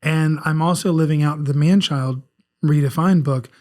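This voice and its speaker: His voice is on the high side and a little mellow, delivered at a moderate pace: a guest author, a South Carolina man in his forties with a faint Southern accent. On this casual podcast full of restarts, he rambles, begins sentences over and over, and speaks with candid self-reflection.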